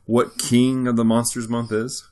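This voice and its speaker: A man's voice: mid-range voice, little pitch movement, unhurried. A man co-hosting a podcast in casual, upbeat chat, playful and talkative. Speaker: podcast co-host.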